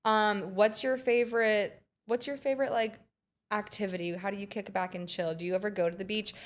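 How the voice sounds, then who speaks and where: A woman's voice: mid-range voice, fairly even intonation, fairly quick. A woman co-hosting a casual podcast, upbeat and chatty, plugging local businesses. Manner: upbeat, plugging sponsors and friends. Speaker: podcast co-host.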